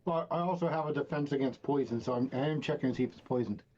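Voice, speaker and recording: A man's voice: medium pitch, fast, darkish tone. A man playing a tabletop game, asking curious questions, over a dull noisy mic. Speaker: player. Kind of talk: casual game chat. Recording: dull lo-fi mic with faint noise.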